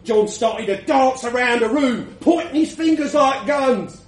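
A man's voice: very high-pitched, unhurried, far from the mic. A man narrating a crude, wry story. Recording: roomy, from the mic.

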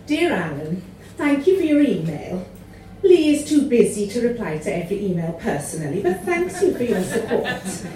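A woman's voice: fairly high pitch, sing-song, normal speed, warm tone, slight background noise. A woman reading comic letters aloud in a prim, polite way, laughing now and then. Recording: echoey room from far off.

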